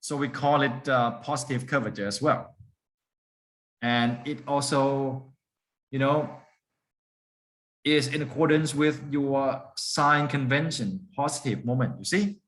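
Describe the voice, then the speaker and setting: A man's voice: mid-range voice, a little slow, fairly bright tone. A man lecturing a class, often stopping to put questions to the students and repeating key points for emphasis.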